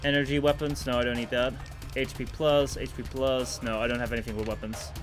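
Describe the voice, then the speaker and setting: A young man livestreaming a game, swearing freely, with loud frustrated outbursts and rambling, filler-heavy asides. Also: mid-range voice, level tone, brisk, soft background music. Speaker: streamer. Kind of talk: live gaming stream commentary.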